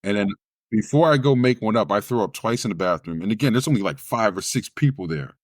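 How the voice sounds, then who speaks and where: A spoken word poet with a lowish voice talks fast as he tells an interviewer a personal story, acting out the others' voices along the way. The studio sound is clean, with no room sound.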